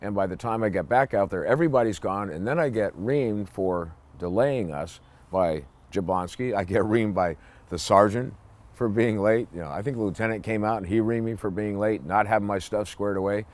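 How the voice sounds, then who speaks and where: An older man, a former police officer, telling a casual anecdote in a blunt, salty way and acting out the gruff lines of others. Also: on the low side, moderate pace, darkish tone. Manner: blunt, salty storyteller who acts out gruff quoted lines.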